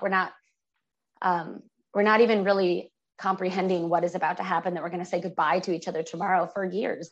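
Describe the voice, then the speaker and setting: A woman's voice: on the low side, lo-fi sound. A woman guest on an interview podcast, vividly retelling a personal story with lots of fillers.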